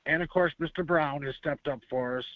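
A man from Buffalo, New York, phones in to a fan show. His voice is a bit high and friendly, and he laughs often. The line sounds muffled and dry. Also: fairly quick, dry recording. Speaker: caller. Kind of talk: phone-in chat.

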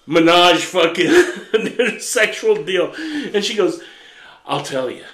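A man's voice: a little high, slow pace, reverberant, rough recording. A man hosting a podcast, telling a crude story with lots of swearing, laughing as he goes among friends. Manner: profane, animated, laughing storyteller. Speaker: podcast host.

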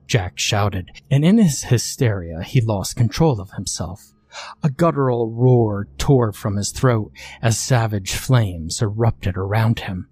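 A man narrating a scripted horror story. His voice is low and husky, and he reads slowly and steadily. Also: warm tone.

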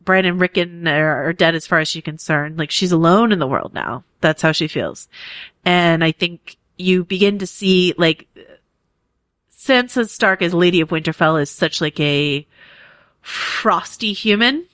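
A woman's voice: fairly low pitch, unhurried, fairly bright tone, dry recording. A woman co-hosting a casual podcast, talking through a TV episode with enthusiasm and plenty of fillers. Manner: enthusiastic, fan-style with many fillers. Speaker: podcast co-host. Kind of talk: casual TV recap chat.

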